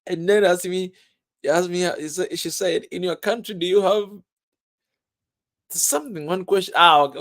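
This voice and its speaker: Man vlogger with a higher-pitched voice; loose, emphatic, laughing delivery straight to camera. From Tanzania. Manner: emphatic, keeps saying "man", laughs often. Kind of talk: casual monologue to viewers.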